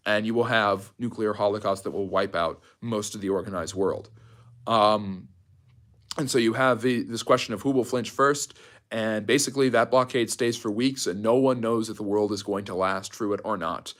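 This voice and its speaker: A man's voice: fairly low pitch, normal speed, fairly bright tone. A man giving a livestreamed history lecture, telling the story energetically with frequent ums and restarts.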